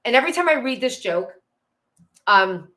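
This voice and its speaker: A woman's voice: on the high side, sing-song, normal speed, a bit bright. A woman, chatting casually on a live stream, greeting viewers by name and wandering into tangents. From Pennsylvania, USA. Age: 50s. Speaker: host of a live decluttering stream. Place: home, indoors.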